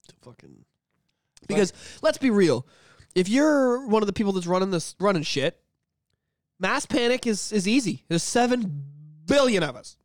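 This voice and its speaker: A man co-hosting a casual podcast, his voice pitched high and swinging widely as he jokes and curses. He talks close into a mic in a dry, dead room. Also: normal speed, dry recording. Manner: animated, joking, swears freely. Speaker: podcast co-host.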